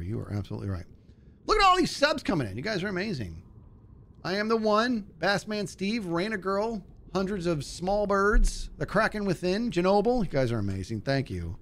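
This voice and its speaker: A man streaming a game, telling a story in a casual way and acting out the people in it with a higher voice, laughing often. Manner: animated, acts out quotes in a higher voice, laughs often. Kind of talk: casual storytelling while gaming.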